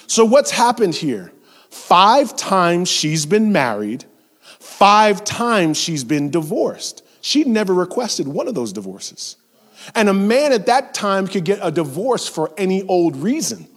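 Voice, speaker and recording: A man delivers a sermon in a lively, conversational manner, dropping into quick voiced asides and then rising to sudden loud emphasis. His voice sits a little high for a man. The sound carries a long reverb, as if from a large hall. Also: breathy edge. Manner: animated, conversational preaching with playful voiced asides. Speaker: preacher.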